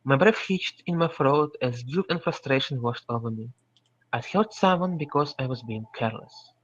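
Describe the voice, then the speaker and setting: A man reading a fan story aloud in English, a non-native speaker who stumbles and clears his throat now and then. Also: medium pitch, expressive, normal speed, no echo. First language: Russian. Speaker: reader. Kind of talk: amateur fan-fiction reading. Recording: dry, slightly muffled voice-chat audio.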